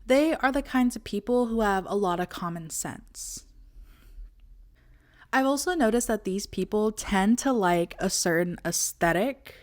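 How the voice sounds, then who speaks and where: Chatty young woman vlogging. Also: mid-range voice. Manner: playful, animated, acts out friends' voices. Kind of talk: casual chat to camera.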